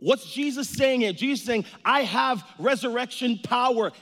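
High-voiced man preaching in a reverberant hall. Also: normal speed. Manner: swings between loud preaching and quiet intense passages. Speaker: pastor. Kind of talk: sermon.

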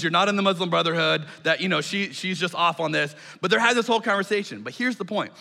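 High bright-voiced preacher in a reverberant hall. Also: male voice. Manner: storytelling, animated, stammering restarts. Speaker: pastor. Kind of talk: sermon with personal story.

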